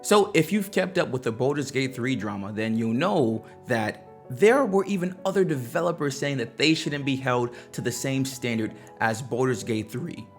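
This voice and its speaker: A man delivering casual gaming commentary in a blunt, slangy way. He rants with animated emphasis in a mid-pitched voice. Faint music plays under him. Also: normal speed.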